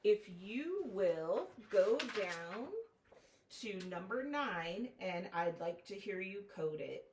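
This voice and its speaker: A woman reading teacher giving a one-on-one phonics lesson, prompting clearly and patiently. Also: medium pitch, lively intonation, slow. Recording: roomy, distant mic with faint noise.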